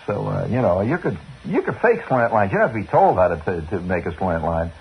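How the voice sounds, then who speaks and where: Man, radio storyteller, lively swooping pitch, muffled old broadcast, faint hiss. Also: a little fast, creaky. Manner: chatty, digressive, chuckling asides. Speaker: radio host. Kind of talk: rambling storytelling monologue.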